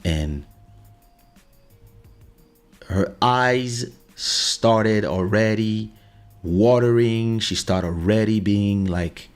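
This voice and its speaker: A man's voice: on the low side, extremely slow, long pauses, faint music behind. A middle-aged man hosting a podcast, talking casually and telling a story, often saying "listen". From France. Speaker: podcast host. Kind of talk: casual monologue.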